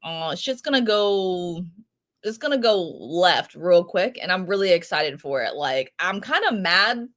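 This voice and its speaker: A woman chatting casually as a podcast co-host, excitable and profane, telling it with lots of energy. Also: lowish voice, measured pace. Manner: excitable, profane, animated storytelling. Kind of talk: casual chat.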